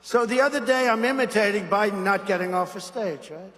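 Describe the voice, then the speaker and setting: A man's voice: high voice, steady tone, brisk, a bit bright, long reverb tail. Sarcastic man giving a rally speech. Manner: boastful and sarcastic. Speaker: political speaker.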